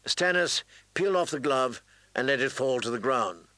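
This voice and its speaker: A man reading fantasy fiction aloud in measured, deliberate scripted narration. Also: medium pitch, expressive, pushed and bright, no room sound, low-quality recording. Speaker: audiobook narrator.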